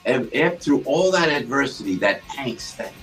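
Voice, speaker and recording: An older man with a New Jersey accent tells stories as a podcast guest, in a voice sitting in the middle of the male range. He is animated and jumps up in pitch to act out what other people said. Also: normal speed, faint music behind. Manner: lively, acts out other people's lines with big pitch jumps. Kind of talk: animated storytelling.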